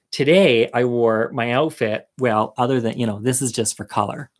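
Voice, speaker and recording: A man tells a comic personal story in a casual monologue, with a mid-pitched voice. He is campy and candid, and he makes fun of himself. He keeps turning to the viewer with chatty asides. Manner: campy, candid and self-deprecating.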